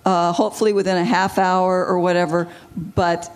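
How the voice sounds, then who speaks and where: A woman guest, a marriage counselor, giving advice in a measured way and explaining with example phrases. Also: on the low side, level tone.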